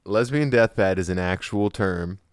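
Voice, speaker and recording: A man's voice: sits low, a little slow, clear, resonant tone, no echo, clean studio sound. A young man chatting crudely on a podcast, rambling with many restarts. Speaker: podcast co-host. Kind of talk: casual chat.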